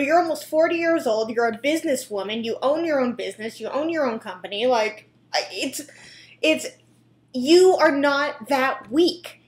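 A woman's voice: sits high, roomy sound. A young woman hosting a reaction video, chatting casually with lots of fillers, restarts and giggles.

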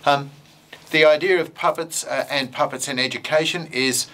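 A man giving a casual, playful talk on puppets in teaching, then narrating a simple story. His voice sits a little high and sounds bright and forceful, with faint noise behind it. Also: moderate pace. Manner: playful, with frequent fillers and hesitations. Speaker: educator.

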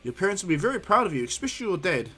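A man voicing a gruff, friendly giant toad chief who calls everyone kid. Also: high voice, very animated, racing, bright, forceful tone, soft background music, pitched above the performer's own voice, exaggerated voice.

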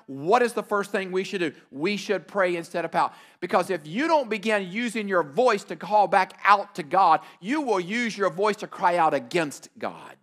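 High-voiced middle-aged preacher, emphatic. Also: male voice, normal speed, fairly bright tone. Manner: emphatic, repeats key phrases, acts out quoted prayers. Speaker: pastor. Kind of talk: sermon.

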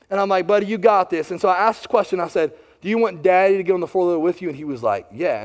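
A middle-aged man, a pastor, preaching a sermon in a conversational way, often putting questions to his listeners. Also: extremely high pitch. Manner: conversational, asks the congregation questions.

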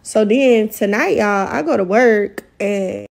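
A woman's voice: medium pitch, vocal fry, darkish tone. A young woman telling a story in a heated, profane, casual rant. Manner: heated, profane, fast-rising outrage. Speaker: storyteller in a viral clip.

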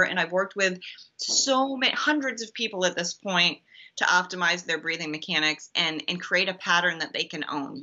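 Woman, podcast guest, emphatic, forceful tone, muffled recording. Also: lowish voice. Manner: emphatic, explanatory, many ums and restarts. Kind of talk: conversational interview answer.

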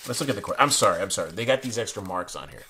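A young man hosting a casual card unboxing, chatty and excitable, sometimes dropping to a hush. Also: on the low side, rapid-fire, gravelly. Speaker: playing card channel host. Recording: noisy room with card handling sounds. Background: shuffling cards and clicks.

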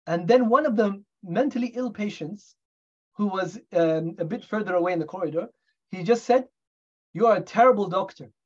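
A man's voice: high voice, normal speed, darkish tone, dull audio. A middle-aged man from the UK, a doctor giving a talk on medical history in a storytelling way, often asking the audience rhetorical questions. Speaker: guest speaker, doctor.

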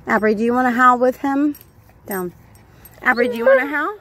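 High sing-song woman cooing at pets. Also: sing-song, brisk, fairly bright tone. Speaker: dog owner filming her pets. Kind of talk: baby-talk to pets and a child.

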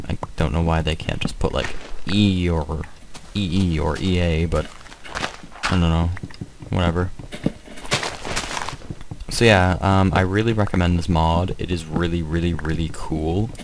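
A man giving casual, hesitant commentary while showing a game mod, with many pauses and fillers. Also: low voice, steady tone, background noise. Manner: hesitant, many ums, rambling.

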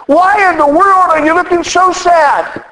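A man's voice: very high-pitched, steady tone, unhurried, sharp tone, in a large hall, voice pushed up, exaggerated voice, poor audio. A man playing an incredulous, exasperated friend in a joke told from the pulpit. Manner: incredulous questioning. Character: baffled, exasperated male friend.

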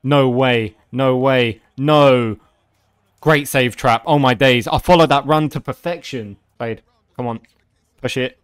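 A young man giving live commentary over a football video game, swearing and reacting loudly. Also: medium pitch, slow pace, clean tone. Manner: excitable, swears often, shouts at big moments. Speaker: gaming video creator.

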